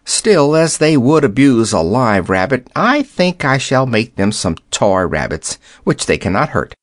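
A man's voice: medium pitch, big pitch swings, unhurried, no echo, clean studio sound. A man voicing a jolly, kindly old Santa Claus. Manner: jolly and warm-hearted.

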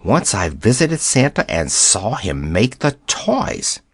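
A man voicing a shy, gentle male rabbit who grows chatty as he talks. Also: lowish voice, very animated, slow pace, breathy edge, dry recording, studio quality, heavily acted.

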